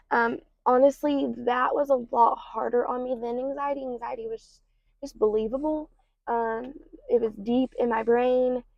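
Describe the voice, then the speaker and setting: On her confessional podcast, a young woman talks openly and casually about her life, wandering off topic with lots of ums and likes. Her voice is fairly high with vocal fry, and the slightly dull lo-fi recording has no echo.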